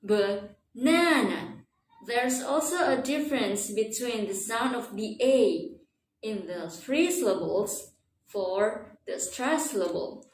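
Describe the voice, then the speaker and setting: A woman's voice: medium pitch, a little mellow. A young woman from Indonesia, giving a pronunciation lesson as a student presenter and stretching out the example words carefully. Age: young adult. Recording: echoey room, faint background noise.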